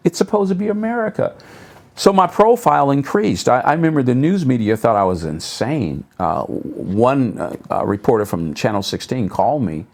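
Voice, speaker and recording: A middle-aged man, a pastor, telling stories as a guest on a talk show, acting out others' words in sudden higher tones and dropping low on asides. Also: normal speed, gravelly. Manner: animated storyteller, voices other people's remarks with sharp jumps up in pitch. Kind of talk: storytelling in a talk show conversation. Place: local public access TV studio.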